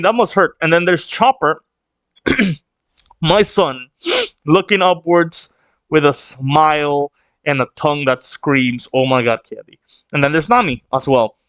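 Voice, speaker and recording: A man hosting a manga reaction video, reading panels aloud with sudden excited outbursts. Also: high-pitched, no room sound. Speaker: reaction channel host. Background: faint drum music.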